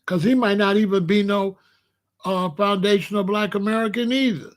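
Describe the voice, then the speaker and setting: A man's voice: high voice, fairly even intonation, normal speed. A man from Chicago hosting a blunt, profane commentary rant. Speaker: host.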